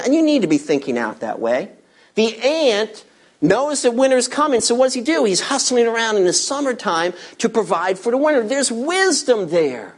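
A man preaching a sermon as pastor, animated, reading scripture and acting out quoted voices of his listeners. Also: very high voice, moderate pace.

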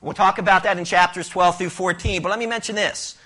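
A man's voice: sits high, fairly even intonation, a little fast, pushed and bright. A man preaching an expository sermon, quoting scripture and asking the listeners rhetorical questions.

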